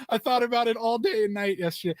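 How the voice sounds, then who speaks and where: A man co-hosting a radio show, giggly and excitable. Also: very high-pitched, brisk, dry recording, studio quality. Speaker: radio co-host. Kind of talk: casual radio banter.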